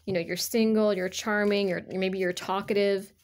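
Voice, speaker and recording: Woman tarot reader, mid-pitched, casual and rambling, leans on filler words. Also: level tone, normal speed, darkish tone.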